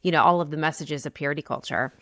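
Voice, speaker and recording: Bright-voiced woman podcast host. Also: deep voice, fast talker, no echo, studio quality. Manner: thoughtful, reflective questioning. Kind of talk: interview questions.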